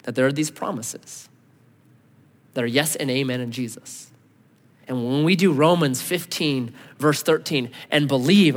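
A man in his thirties preaching a sermon as pastor, animated, acting out voices and swinging between loud and soft. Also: mid-range voice, moderate pace, long pauses. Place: large church hall. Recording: long hall reverb.

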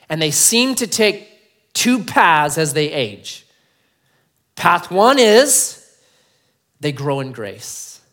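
Male pastor mid-sermon; emphatic, dynamic, loud-to-hushed delivery. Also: fairly high pitch.

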